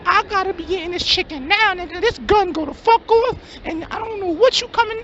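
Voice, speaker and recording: A man voicing a loud, scornful male street hustler in a comedy skit, brash and yelling. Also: very high voice, fairly quick. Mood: scornful, angry. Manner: brash, yelling, swearing constantly. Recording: dull lo-fi, faint hum.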